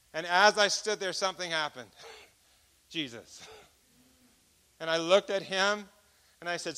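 A man preaching a personal testimony as an animated storyteller who acts out each exchange of dialogue. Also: sits high, unhurried, long pauses, clear, resonant tone. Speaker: speaker giving a testimony.

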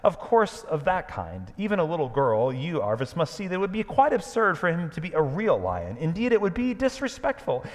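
A man's voice: fairly high pitch, huge pitch swings, a little fast, hardly any pauses, big-room sound, voice pushed up. A pastor voicing a proud, pompous male horse who talks down to others in a superior tone, from a storybook reading. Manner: superior, lecturing tone.

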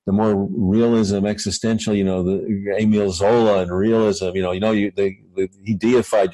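Low, mellow-voiced man musing haltingly. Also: dry recording, rough recording. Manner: halting, many fillers and restarts, musing. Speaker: guest author. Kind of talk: reflective conversational talk.

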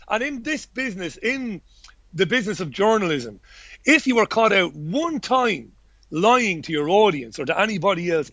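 A man's voice: high voice, animated, quick pace, a bit bright, no echo. A man talking as an interview guest about his work in journalism, rambling and blunt, with many restarts and the odd swear word. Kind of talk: casual conversational interview. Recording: dull lo-fi dry recording.

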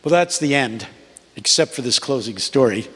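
A man in his eighties preaching a sermon to a congregation, with a rhythmic cadence that climbs to high, emphatic peaks. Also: expressive, moderate pace, fairly bright tone. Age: 80s. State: unwell. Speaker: guest preacher. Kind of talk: sermon with storytelling. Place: large church. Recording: long reverb of a large church.

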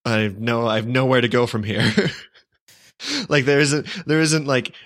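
A man's voice: mid-range voice, moderate pace, a bit bright, no room sound, clean studio sound. A young man co-hosting a podcast, telling a long story in casual chat with frequent restarts and self-deprecating asides. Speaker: podcast co-host.

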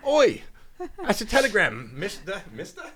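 A man putting on a cheeky old English telegram delivery man with a high, shrill, shouty voice. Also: huge pitch swings, normal speed, crowd noise. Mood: cockney squawking.

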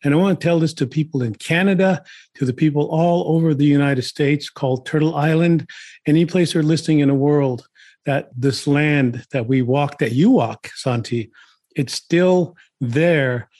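A man's voice: fairly high pitch, moderate pace, darkish tone, no echo. Reflective male host, dry sound. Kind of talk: interview hosting.

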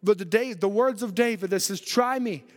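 A man preaching a fervent sermon in a church, swinging between loud, driven passages and quiet ones. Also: sits high, fairly quick. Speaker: pastor. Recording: long reverb of a church hall.

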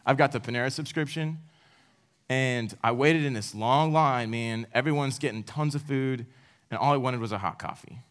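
A young American man with a medium-pitched, slightly bright voice speaks at normal speed, giving a casual sermon to college students as a campus speaker. His manner is relaxed and self-deprecating, with laughs.

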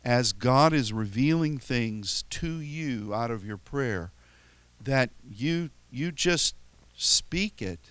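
Conversational pastor, dry close sound. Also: male voice, mid-range voice, lively intonation, a bit bright, no room sound. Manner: conversational, halting with frequent restarts; tells stories with chuckles and playful quoted voices. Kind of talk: sermon.

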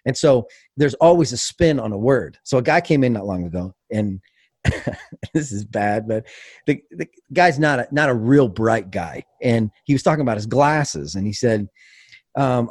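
A man's voice: medium pitch, moderate pace, husky, dry recording, clean studio sound. A man telling a funny story in casual podcast chat, acting out other people's voices. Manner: animated storyteller, acts out voices. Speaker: podcast guest.

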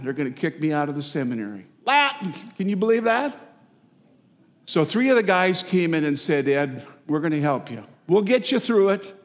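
A middle-aged man, a parish priest, giving a folksy, animated sermon with asides to the congregation. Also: fairly high pitch. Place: large church. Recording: long church reverb.

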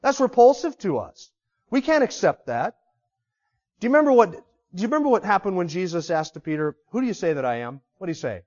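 A man's voice: sits high, very animated, fairly quick, darkish tone. A man preaching a sermon with passion, asking his listeners questions and acting out the people he quotes. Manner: impassioned, acts out quoted voices, asks the audience questions. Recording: slightly dull, lo-fi recording.

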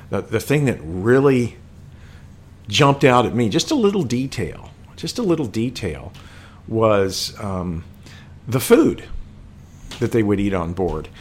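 Deep-voiced man musing with many fillers. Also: breathy edge. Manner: thoughtful, hesitant, many fillers and restarts. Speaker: film discussion co-host. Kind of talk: casual conversation.

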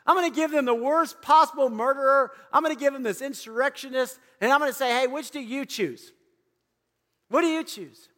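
A man's voice: very high-pitched, expressive, a little slow, pauses often, sharp tone, long reverb tail, voice pushed up, full character voice. Pilate, a man playing an anxious governor. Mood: scheming. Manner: pleading, agitated. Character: anxious Roman governor Pilate, torn and fearful.

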